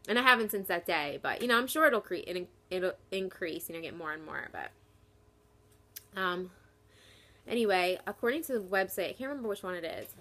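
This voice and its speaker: A woman's voice: on the low side, fairly bright tone, a little hiss or hum. Young woman vlogging at home, kinda out of breath, says like a lot, chatty and rambly. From New Jersey, US. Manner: chatty, lots of "like" fillers. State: short of breath while talking. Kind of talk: casual pregnancy vlog.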